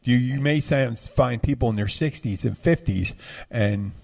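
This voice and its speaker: A man's voice: medium pitch, a little slow, creaky, darkish tone. Rambling man. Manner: rambling, digressive, full of restarts. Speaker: podcast host. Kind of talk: casual chat.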